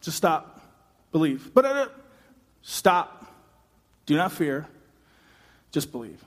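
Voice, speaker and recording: A man's voice: a little high, sing-song. A man voicing a flustered, bewildered father who stammers and halts in a sermon retelling. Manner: halting, stammering. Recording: long hall reverb.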